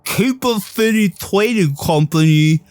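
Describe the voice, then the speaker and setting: A man voicing a grave, pompous male martial-arts priest who speaks slowly and formally. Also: medium pitch, no room sound, natural voice. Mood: proud. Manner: slow, grave, formal speech.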